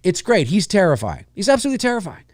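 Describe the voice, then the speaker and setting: Enthusiastic rambling man, slightly high voice. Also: huge pitch swings, no echo, clean studio sound. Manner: enthusiastic, rambling with many fillers; mimics lines and voices in quick asides. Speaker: host. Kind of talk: casual live-stream film talk.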